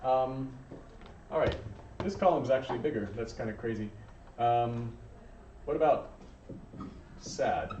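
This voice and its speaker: A man teaching a Spanish lesson to a class, patient and encouraging, often pausing with ums and uhs. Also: medium pitch, mellow, slight background noise. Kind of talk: classroom lesson, calling on students. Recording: distant, echoey, dull room recording.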